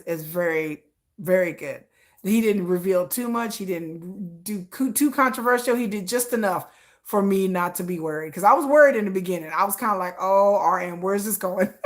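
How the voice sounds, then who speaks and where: A woman hosting a casual pop-music commentary show, talking in a gushing, excitable way with frequent restarts. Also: medium pitch. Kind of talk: casual chat.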